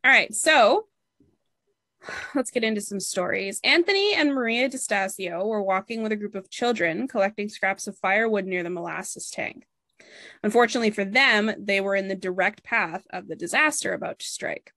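A woman's voice: mid-range voice, expressive, moderate pace, pushed and bright, dry recording. A woman hosting a podcast, narrating historical stories in a chatty way with many fillers. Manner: chatty, laughs and explains with lots of fillers. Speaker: podcast host. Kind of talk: casual chat and story narration.

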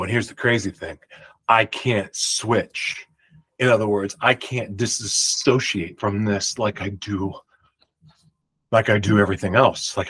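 A man host telling a personal story in a rambling, animated way, often cutting himself off. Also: lowish voice, slightly rough, low-quality recording. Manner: rambling, animated, self-interrupting retelling.

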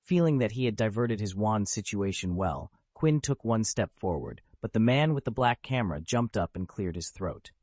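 Husky low-voiced male audiobook narrator. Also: lively intonation, normal speed, few pauses, a little mellow, dry recording. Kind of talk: scripted narration.

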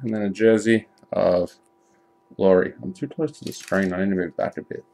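A man opening trading card packs live, chatting casually, swearing often and bursting into excited shouts at big pulls. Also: on the low side, normal speed, gravelly. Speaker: card break streamer.

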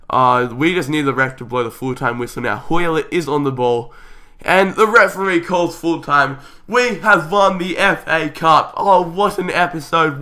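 Young male gaming YouTuber, higher-pitched, shouty match-style commentary, voice strained and going. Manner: shouts at goals, calls play like a match commentator. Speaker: YouTuber playing a football career mode. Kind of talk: excited gameplay commentary.

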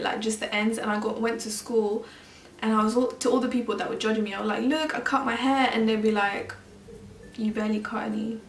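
A woman's voice: on the high side, a little hiss or hum. A young woman from Mauritius telling a personal story for her vlog in a chatty, earnest way. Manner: chatty, earnest, heavy use of "like". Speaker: vlogger. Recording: roomy sound, mic at a distance.

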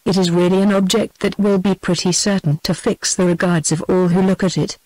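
A woman's voice: lowish voice, little pitch movement, a little fast, darkish tone, no echo, rough recording. A synthetic British English woman's voice reading the lines of an earnest young male hero in formal, courtly speech. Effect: synthetic text-to-speech voice.

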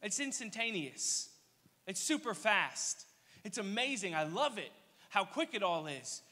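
A young man preaching a casual youth sermon, telling energetic, slangy stories with playful asides. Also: sits high, measured pace. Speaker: youth pastor. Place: church hall. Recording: long reverb of a church hall.

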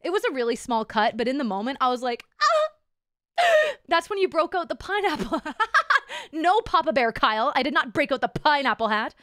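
High-voiced woman telling a story on a livestream, swearing freely. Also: lively intonation, fairly quick, fairly bright tone, no echo, studio quality. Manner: swears a lot, laughs often, dramatic and self-mocking. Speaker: VTuber streamer. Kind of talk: casual storytelling to a live chat.

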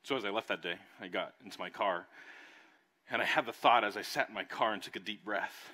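At a church service, a young adult pastor preaches a sermon and tells a personal story, animatedly acting out voices as he goes. His voice is lowish and brisk.

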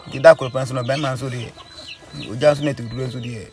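A man with a Ghanaian accent, a father answering an interviewer's questions about his family, with his words often trailing off low. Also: fairly even intonation, fast, darkish tone, slight background noise. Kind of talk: interview answers in a rural setting.

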